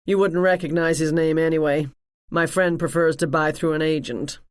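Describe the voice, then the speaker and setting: Confident male buyer, smooth and cagey, read by a woman narrator, dry close recording. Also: deep voice, fairly even intonation, normal speed, dry recording, close to an everyday voice. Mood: evasive. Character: man playing a rich art buyer.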